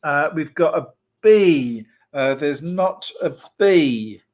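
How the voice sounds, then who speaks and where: A man's voice: on the high side, lively intonation, takes it slowly, a little mellow. A man hosting a children's church club online, chatty and playful, laughing often and filling gaps with ums.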